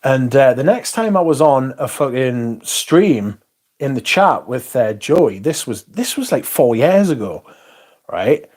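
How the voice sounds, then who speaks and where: A man's voice: medium pitch, very animated, unhurried, a little mellow. A man hosting a livestream, ranting casually with heavy swearing and rambling asides. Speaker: livestream host.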